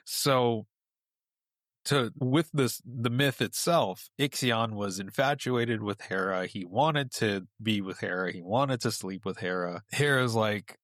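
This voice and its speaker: A man's voice: on the low side, slow pace, fairly bright tone, no room sound, studio quality. A man chatting on a podcast as a guest, telling a myth in a loose, rambling way with lots of fillers. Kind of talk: casual chat.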